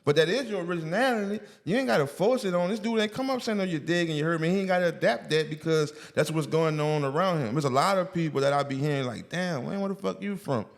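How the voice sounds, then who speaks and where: A man's voice: fairly high pitch, fast talker, few pauses. A man with a New Orleans accent, co-hosting a podcast in blunt, emphatic casual chat full of street slang. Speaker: podcast co-host.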